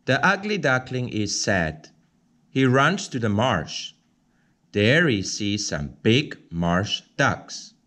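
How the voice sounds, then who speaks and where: A man reading a children's picture book aloud, slow, clear and expressive. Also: mid-range voice. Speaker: storybook reader.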